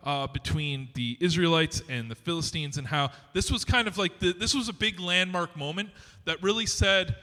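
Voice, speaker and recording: Man, pastor preaching, high bright voice, conversational, long church reverb. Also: moderate pace, few pauses. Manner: conversational, animated, acts out scripture scenes. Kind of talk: sermon. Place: church sanctuary.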